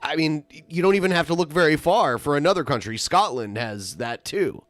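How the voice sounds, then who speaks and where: A man's voice: on the high side, expressive, a little fast, fairly bright tone, no room sound. A man co-hosting a podcast, arguing in casual, exasperated chat. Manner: argumentative, exasperated. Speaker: podcast co-host.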